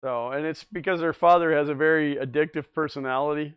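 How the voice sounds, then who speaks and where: Smooth-voiced man chatting on a livestream. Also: on the high side, steady tone, fairly quick. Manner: chatty and easygoing, laughs often. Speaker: livestream host. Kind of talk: casual chat, reading viewer chat aloud.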